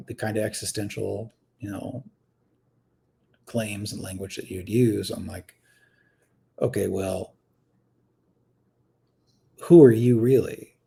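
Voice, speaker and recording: This thirty-something man shares a personal story casually, full of fillers and restarts, his energy moving from hushed to animated. He speaks in a lowish voice with vocal fry.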